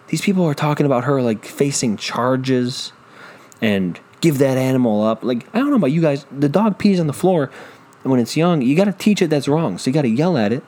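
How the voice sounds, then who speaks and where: This solo podcast host talks into a studio microphone with a mid-range, slightly mellow voice. His casual rant is rambling, profane and full of jokes at his own expense.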